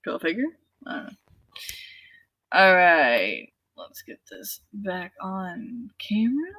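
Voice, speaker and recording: A woman's voice: medium pitch, sing-song, takes it slowly, bright, forceful tone, husky, no echo. A woman hosting a casual writing livestream, chatting, laughing often and reading viewer comments aloud. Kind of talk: casual chat.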